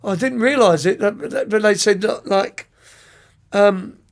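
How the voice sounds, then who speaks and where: A middle-aged man, a youth soccer coach, telling lively, rambling stories as a podcast guest, often restarting and repeating words. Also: high voice, measured pace. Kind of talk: anecdotal storytelling in an interview.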